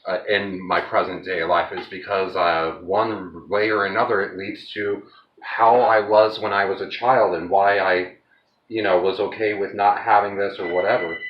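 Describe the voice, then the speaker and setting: A man's voice: low voice, steady tone, unhurried, echoey room, dull audio, slight background noise. A man chatting casually to his viewers while he cooks at home, rambling from one thought to the next. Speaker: home cooking vlogger. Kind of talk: casual cooking vlog chat. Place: home kitchen.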